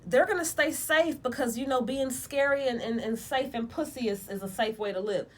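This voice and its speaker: A woman giving a casual tarot reading, talking bluntly in lively slang with plenty of profanity. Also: on the high side, moderate pace. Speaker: tarot reader.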